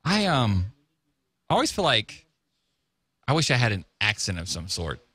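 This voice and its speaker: Animated joking talk show host man. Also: lowish voice, moderate pace, breathy edge, dry recording, clean studio sound. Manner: jokey, animated storytelling. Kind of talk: casual radio-style talk show chat.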